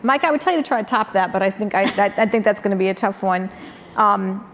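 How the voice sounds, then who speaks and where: A woman's voice: mid-range voice, fast. A woman moderating a panel discussion, asking long, meandering questions with many ums. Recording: long hall reverb with faint noise.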